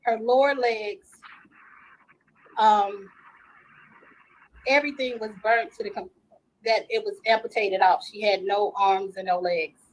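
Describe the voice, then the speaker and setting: A woman's voice: mid-range voice, steady tone, a little slow, pauses often, poor audio. A middle-aged woman, a grieving mother, earnestly recounting details at length in a recorded interview.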